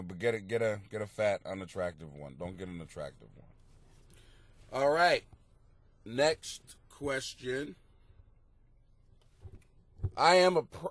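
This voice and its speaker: A man hosting an advice podcast, reading listener letters and answering them bluntly, with heavy swearing and sudden loud outbursts. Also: mid-range voice, no echo. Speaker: podcast host giving advice. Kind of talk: casual advice podcast monologue.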